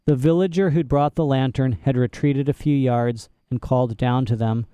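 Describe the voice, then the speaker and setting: A male narrator reads a novel in a measured, expressive way. His voice is warm, mellow and smooth, and it sits close and dry on the mic. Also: medium pitch, dry recording. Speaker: audiobook narrator. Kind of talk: scripted narration.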